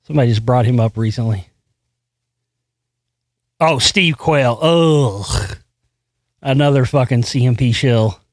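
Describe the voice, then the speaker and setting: This solo commentary host is a man with a medium-pitched voice who speaks at a moderate pace and pauses often; the recording is dry. He reads a news article aloud, then comments on it in profane, frustrated rants that keep restarting.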